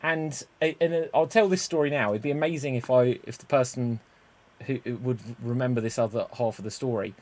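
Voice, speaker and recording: Man, podcast host, casual chat, filler-heavy storytelling, mid pitch. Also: fairly quick. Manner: animated storyteller, lots of "like" and restarts.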